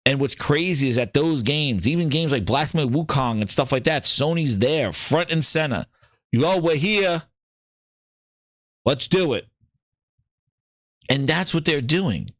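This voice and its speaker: A man hosting a gaming show, talking in casual, opinionated commentary. He swears freely, mocks other people in put-on voices and gets excited as he reads. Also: mid-range voice, normal speed, hardly any pauses, dry recording, studio quality. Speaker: gaming podcast host.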